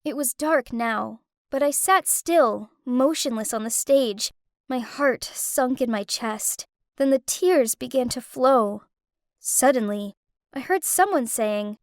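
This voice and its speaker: Woman storyteller, high and very expressive voice, dry close sound, emotional scripted narration. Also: takes it slowly, dry recording. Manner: emotional, dramatic delivery.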